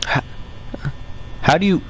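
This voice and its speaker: A young man streaming a game, chatting and yelling excitedly at other players and taunting the game. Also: takes it slowly, poor audio. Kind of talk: casual gameplay commentary.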